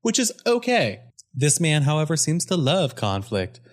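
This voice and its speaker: A man's voice: on the high side, moderate pace. A young man co-hosting a podcast, telling a work story in casual chat, full of "like" and breaking into laughter. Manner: animated storytelling, frequent "like", bursts into laughter. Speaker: podcast co-host.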